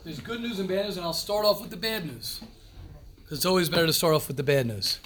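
A man's voice: sits high, fast talker, fairly bright tone, slight background noise. A man giving an informal, emphatic talk to yeshiva students, repeating phrases and mixing in Hebrew and Yiddish words.

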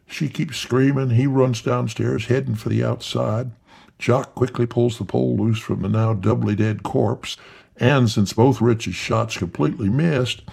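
A man telling a folksy tall tale in an unhurried, drawling yarn-spinning manner. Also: lowish voice, creaky, warm tone, husky. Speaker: storyteller.

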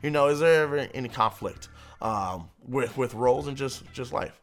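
A man hosting an interview, asking long rambling questions with many fillers and a playful, excitable manner. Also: medium pitch, normal speed, faint music behind. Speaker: interview host. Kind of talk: casual interview chat.

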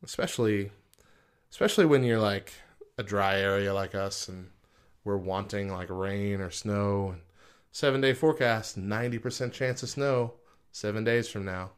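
A man with a lowish voice and a clean tone co-hosts a casual podcast at a normal pace. He's chatty and laughs a lot, reading list items aloud and lifting his energy whenever he reads a quote.

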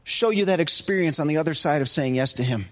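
A middle-aged man preaching a sermon in a somewhat high voice. He tells his story with lots of energy, jumping from loud, excited bursts to quiet, hushed asides. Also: fast. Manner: animated storytelling, swinging between loud and hushed. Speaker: pastor.

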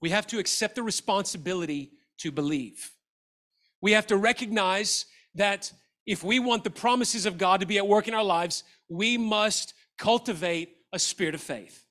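Man, middle-aged pastor, high voice, passionate sermon, softer quoted lines. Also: moderate pace. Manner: passionate preaching, dropping to quiet voices for quoted scripture.

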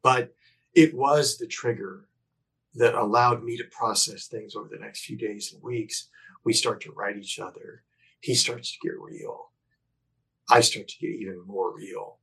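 A middle-aged man, a podcast guest, telling a personal story candidly and earnestly, often restarting his sentences and moving between emphatic bursts and hushed phrases. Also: fairly low pitch, steady tone, measured pace, gravelly, husky, rough recording. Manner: reflective, earnest, with frequent restarts and self-corrections.

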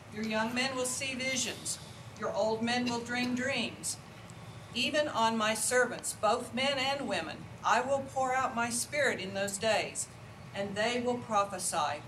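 A woman in a class group reading scripture aloud with a steady, even delivery. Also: a little high. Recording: distant voice with noticeable hiss.

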